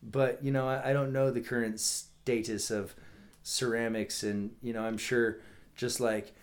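A man's voice: mid-range voice, flat delivery, measured pace. A man from California, a guest on a podcast, talking casually with many restarts and fillers. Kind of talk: casual chat.

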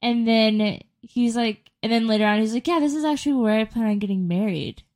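A woman's voice: on the high side, fairly quick. A woman in her twenties, co-hosting a podcast, telling dating stories in casual chat and acting out the quotes. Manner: animated storytelling, acting out quotes. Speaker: podcast co-host.

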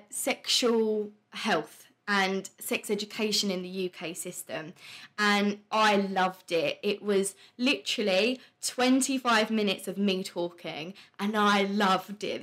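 A woman's voice: mid-range voice, fairly bright tone. A woman in her twenties hosting a podcast, chatting casually in a candid, sweary way and laughing often. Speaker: podcast host. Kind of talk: casual chat.

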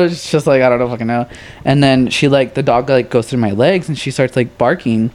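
A man's voice: mid-range voice, fairly quick. A young man, a podcast guest, telling stories in casual chat and acting out the voices of people in them. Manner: animated, acts out quoted voices, swears casually.

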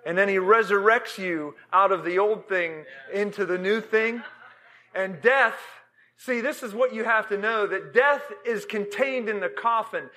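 A man preaching, telling a vision in a halting, emotional way with many fillers and restarts. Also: high voice, bright, forceful tone. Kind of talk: sermon storytelling.

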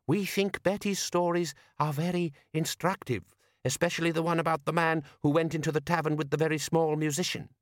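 A man's voice: on the high side, steady tone, fairly quick, no echo, clean studio sound, voice pushed up, lightly acted. A man voicing a humble, polite young woman who speaks in a small voice.

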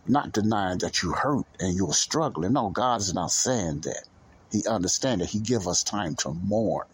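A man with a low, husky voice hosts a Christian podcast, offering casual commentary earnestly and off the cuff. He repeats himself and often restarts his sentences.

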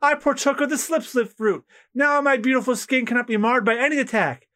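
A man's voice: very high-pitched, a little fast, sharp tone, voice pushed up. A man voicing a vain, haughty female pirate captain, preening and self-admiring as he reads a comic aloud. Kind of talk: reading comic aloud with voices.

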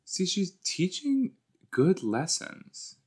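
A man's voice: high voice, big pitch swings, slow pace, darkish tone. A man hosting a rewatch podcast, giving rambling, jokey reaction commentary that often trails off.

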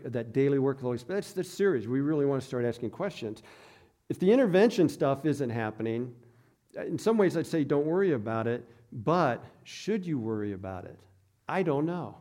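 A man's voice: mid-range voice, lively intonation, moderate pace, a little mellow. A man preaching a sermon as a pastor, telling personal stories in a conversational, self-deprecating way. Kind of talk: storytelling sermon.

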